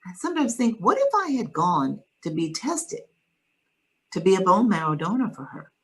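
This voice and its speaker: A woman earnestly telling a personal story in conversation, measured and steady, with pauses to find her words. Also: fairly low pitch, breathy edge, poor audio. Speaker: guest sharing her story.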